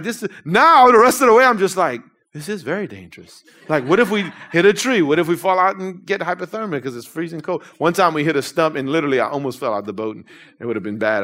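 A middle-aged man preaching in a church, animated and conversational with casual slang. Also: on the high side. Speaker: pastor. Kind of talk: sermon. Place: church sanctuary.

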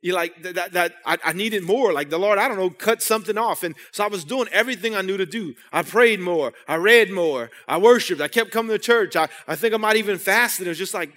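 A man's voice: sits high, brisk, hardly any pauses, pushed and bright. A young adult man, preaching a sermon as a pastor, telling a personal story in a conversational way with frequent restarts. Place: church sanctuary. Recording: long hall reverb in church.

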